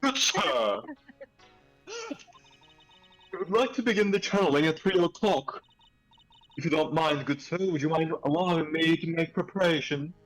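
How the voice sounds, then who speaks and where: A man's voice: fairly high pitch, wildly swooping pitch, measured pace, soft background music, heavily acted, rough recording. A man voicing a stern elderly woman from a village, formal and scolding, calling the listener "good sir" again and again.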